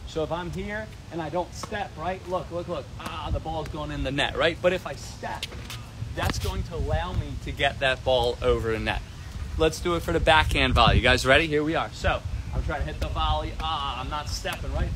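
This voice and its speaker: A man teaching a tennis lesson on a live stream from an outdoor court, energetic and repetitive, often asking "right?". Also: fairly high pitch, slight background noise. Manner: energetic, repeats himself, keeps asking "right?". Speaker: tennis coach.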